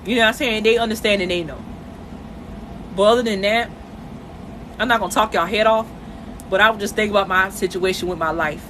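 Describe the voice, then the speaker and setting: Bright-voiced woman on a phone live stream. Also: medium pitch, fairly quick, long pauses, slight background noise. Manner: emotional, conversational, addresses viewers directly. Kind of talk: casual live-stream monologue. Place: at home, in bed.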